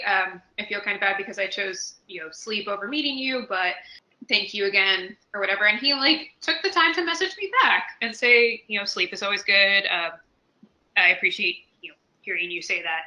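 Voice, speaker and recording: A woman with a very bright, sharp voice co-hosts a podcast, telling stories in lively fashion and quoting others loudly. The sound is roomy and echoey. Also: mid-range voice. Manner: animated storyteller, quoting with raised voice. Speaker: podcast co-host. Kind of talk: casual chat.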